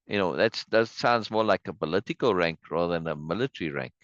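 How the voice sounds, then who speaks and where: A man's voice: deep voice, brisk, no echo, highs cut off. A man hosting a casual play reading, chatty and musing, with frequent asides and laughs, on a video call. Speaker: host reading a play aloud.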